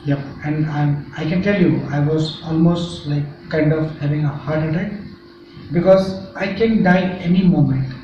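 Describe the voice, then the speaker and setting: A man's voice: fairly high pitch, a little slow. A man from India, earnestly describing a frightening experience as an interview guest. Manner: earnest, recounting a frightening event. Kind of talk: personal account in an interview. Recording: echoey, distant, muffled with faint noise.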